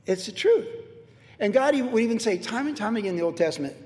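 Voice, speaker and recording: Emphatic preaching man, high lively voice. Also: fast talker, big-room sound. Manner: emphatic, preacherly, swings between loud and hushed. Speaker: pastor. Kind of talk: sermon.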